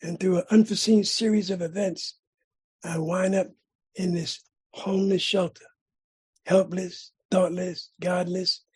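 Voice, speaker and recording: At a meeting, a middle-aged man from California recounts his recovery in a husky, high-pitched voice, keeping a level tone and measured pace. His telling is dramatic, marked by rhythmic repetition and abrupt loud outbursts.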